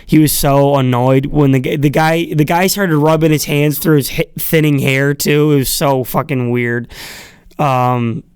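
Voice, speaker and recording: A man's voice: on the high side, fairly even intonation, measured pace, a little mellow, smooth, no room sound, studio quality. A man hosting a podcast, talking in a casual solo monologue that rambles, full of fillers, chuckling asides and casual swearing. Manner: irreverent, swears freely. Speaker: podcast host.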